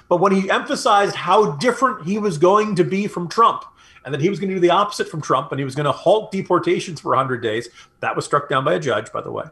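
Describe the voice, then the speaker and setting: A man's voice: high-pitched, expressive, fast talker, fairly bright tone, husky. A man co-hosting a political podcast, making his points emphatically and repeating them for stress. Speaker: podcast co-host. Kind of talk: political commentary chat.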